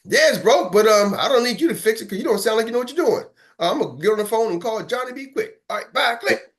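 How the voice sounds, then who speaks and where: A man voicing a gruff, impatient older man answering a sales call, barking pushy questions. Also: very high-pitched, animated, quick pace, a bit bright, pitched above the performer's own voice, heavily acted. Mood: dismissive.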